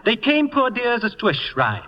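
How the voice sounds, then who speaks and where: A vain, theatrical English playwright holds forth grandly in an English accent. His voice is very high and sweeps up and down. It comes through a muffled vintage radio broadcast with a long echo. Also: sing-song, normal speed. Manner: grandiloquent, pompous. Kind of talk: 1940s radio acting.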